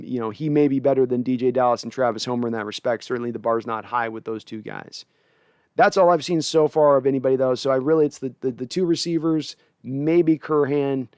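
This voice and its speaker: Guy hosting a football livestream, rambles and restarts a lot, smooth clear voice, dry sound. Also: mid-range voice, darkish tone, no echo. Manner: rambling, many restarts and fillers. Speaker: host. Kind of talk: casual livestream sports analysis.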